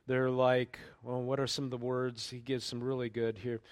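Guy pastor giving a sermon, chatty, lots of ums and all right?, gets louder reading the bible bits. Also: flat delivery, moderate pace, hardly any pauses. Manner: conversational preaching with frequent fillers and check-ins; raises pitch and volume when reading scripture aloud.

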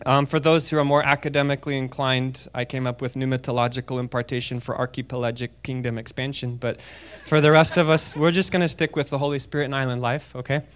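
A guest preacher reads scripture aloud during a church sermon, chatting casually between verses and often asking "okay?" as he swings from quiet asides to loud, fervent reading. His mid-range voice is smooth and quick, with little pitch movement.

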